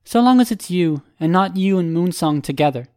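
A man reading an audiobook voices a wry, blunt young masked hero in a bright, raised voice. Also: high voice, expressive, moderate pace, no echo, clean studio sound, voice pushed up. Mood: guarded.

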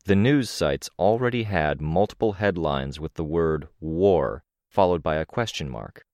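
A man with a very deep, low voice narrates a first-person audiobook in a measured, even storytelling manner. The recording is dry and close, with no room sound around him. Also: no room sound.

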